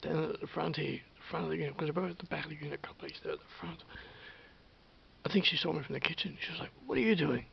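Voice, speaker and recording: An Australian man with a very gravelly, fairly high voice recounts a neighbour feud in a casual vlog, swearing and whispering asides. The recording is dull and lo-fi, with a faint hiss underneath. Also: flat delivery, fast talker. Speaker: vlogger. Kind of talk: casual storytelling to camera.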